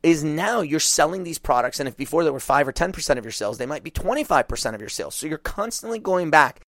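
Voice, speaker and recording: A man coaching small business owners, talking animatedly and acting out what clients say in quick asides. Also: on the high side, animated, fairly bright tone, no room sound, studio quality.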